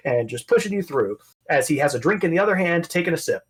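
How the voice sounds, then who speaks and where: GM: husky man, lively delivery, rambling narration of an online tabletop game. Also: sits high, brisk. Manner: animated, rambling, self-correcting. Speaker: game master.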